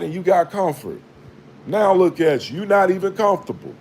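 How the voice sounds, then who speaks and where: A man's voice: high-pitched, very animated, normal speed, a little hiss or hum. Blunt, slangy man preaching to camera. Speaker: vlogger. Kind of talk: casual spiritual monologue. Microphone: phone camera held low.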